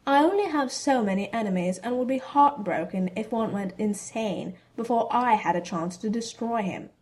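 A woman's voice: fairly high pitch, moderate pace, darkish tone, lightly acted. A woman voicing a haughty, scornful teenage boy wizard in a storybook reading, with a condescending drawl.

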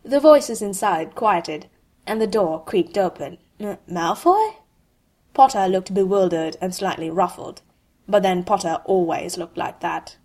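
A woman reading a humorous fan fiction story aloud in an expressive, wry way. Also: fairly low pitch, unhurried. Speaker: narrator.

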